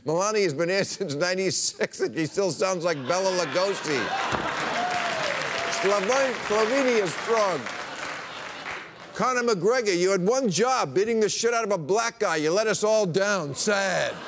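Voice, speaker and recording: A man's voice: sits high, animated, moderate pace, hardly any pauses. A male talk show host delivering a sarcastic, mocking stand-up monologue in a TV studio. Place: TV studio with a live audience. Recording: live studio audience, noisy broadcast. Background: studio audience laughter and applause.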